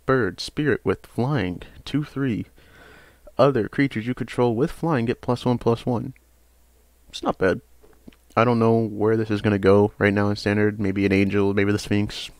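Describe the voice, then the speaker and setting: Chatty low-voiced man reviewing cards. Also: no room sound. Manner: rambling, chatty, hesitant with frequent uhs; bursts of excited emphasis. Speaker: card game channel host. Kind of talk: casual card review.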